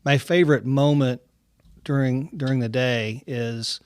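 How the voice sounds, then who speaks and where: A man from Kentucky, a company executive, telling relaxed anecdotes in a podcast interview, with lots of "you know". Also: mid-range voice, unhurried, smooth, no room sound. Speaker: racetrack company executive, guest. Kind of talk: casual storytelling in a podcast interview.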